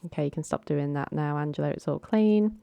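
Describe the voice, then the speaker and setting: Low-pitched young woman, casual game commentator, chatty and coaxing, dry close sound. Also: a little fast, gravelly, warm tone, smooth, no room sound, muffled recording. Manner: chatty, coaxing her game characters, giggles often. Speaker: gaming channel host.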